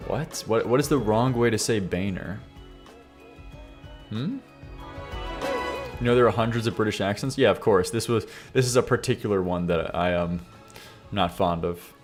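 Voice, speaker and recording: A young man hosts a live stream, reacting to songs in a casual, blunt, joking way. His voice sits a little low. He banters with his chat, and faint music plays under his voice. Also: normal speed, long pauses. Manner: blunt, joking, reads chat aloud and argues with it. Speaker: streamer reviewing viewer song submissions.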